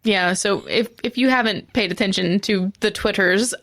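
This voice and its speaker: A woman's voice: mid-range voice, a bit bright. A woman co-hosting a podcast, chatting and joking playfully. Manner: playful, joking, slow drawn-out delivery. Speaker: podcast co-host. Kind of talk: casual comedic chat.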